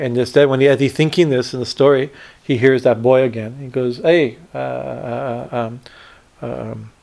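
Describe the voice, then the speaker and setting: A man teaching scripture in a spiritual discourse, retelling a story with many pauses and fillers and checking in with "right?". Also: mid-range voice. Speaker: swami teacher.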